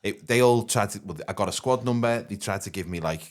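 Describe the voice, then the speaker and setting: A man co-hosting a casual pub-style podcast, joking and chiming in with quick asides. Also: lowish voice. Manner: quick, joking, many short interjections. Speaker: podcast co-host.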